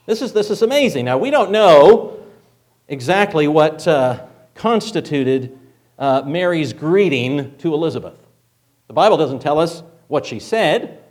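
A man's voice: a little high, lively intonation, measured pace, darkish tone. A male preacher giving a sermon in a conversational way, asking rhetorical questions with frequent filler words.

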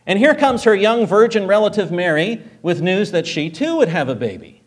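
A man's voice: high-pitched, sing-song, normal speed. Conversational man preaching a sermon. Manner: conversational, rhetorical questions, frequent fillers.

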